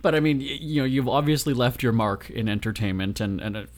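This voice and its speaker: A man's voice: mid-range voice, flat delivery, quick pace. A man from Winnipeg, hosting a friendly radio interview. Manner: friendly, conversational. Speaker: radio host.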